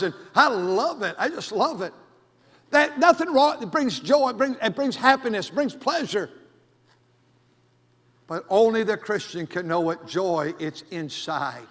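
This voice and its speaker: A man preaching a sermon as pastor, swinging from loud declarations to hushed asides. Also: sits high, measured pace, big-room sound. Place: church sanctuary.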